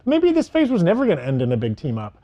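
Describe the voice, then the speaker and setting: Man, show host, high voice, slightly dull audio, lively casual chat. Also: fast talker. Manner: lively, reads out chat comments and poll results.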